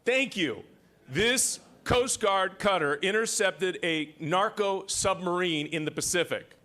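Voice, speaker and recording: A man emceeing an award ceremony from the podium, his voice bright and a little high for a man. He keeps teasing the crowd with quick jokes, sounding middle-aged and at ease on stage. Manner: joking, teasing the audience. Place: large hall at an award ceremony.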